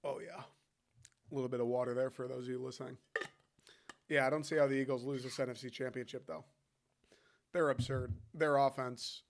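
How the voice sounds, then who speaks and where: With an ordinary mid-range pitch, a man hosting a casual sports podcast launches into a fired-up, swear-heavy rant. He stays loose and conversational, talking to the listener as "dude" like he's hanging out with a friend.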